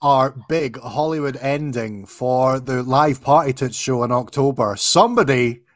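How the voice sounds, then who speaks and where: A man's voice: mid-range voice, measured pace, dry recording. A man co-hosting a podcast, making wry jokes in casual chat. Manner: wry, joking. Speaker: podcast co-host.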